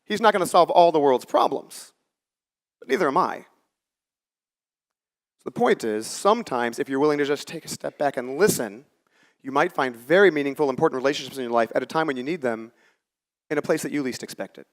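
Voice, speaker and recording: His voice is on the high side and a little fast, with lively intonation broken by long pauses. The man, in his forties, gives a conversational, story-based talk on a conference stage to a live audience, acting out the lines he quotes.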